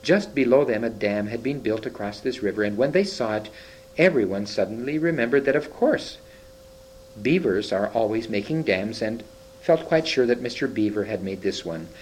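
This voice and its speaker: A man reading a children's story aloud, expressive, with occasional slips and restarts. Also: on the low side, normal speed, a little hiss or hum, low-quality recording. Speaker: reader.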